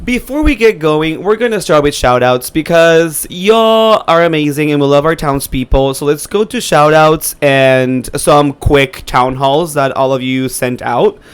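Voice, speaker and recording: A man co-hosting a podcast from his room, chatting in a campy, excitable way and swearing freely. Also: a little high, a little slow, few pauses, clean tone. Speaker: podcast co-host. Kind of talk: casual chat. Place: home room.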